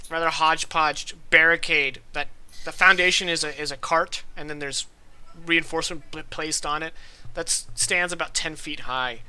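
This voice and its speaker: A man narrating as game master of a tabletop game, describing scenes in a lively, chatty way with fillers. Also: a little high, clear, resonant tone.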